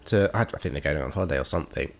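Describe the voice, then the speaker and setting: A man in his thirties with a British accent, co-hosting a podcast and chatting casually about films in an animated, exasperated way. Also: extremely low pitch, very fast. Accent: British English. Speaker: podcast co-host. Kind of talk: casual film chat.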